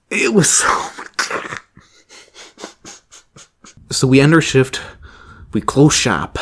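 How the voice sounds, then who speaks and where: A man's voice: medium pitch, lively intonation, unhurried, long pauses. A young man telling a rambling, casual story, laughing often and swearing freely. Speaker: vlogger.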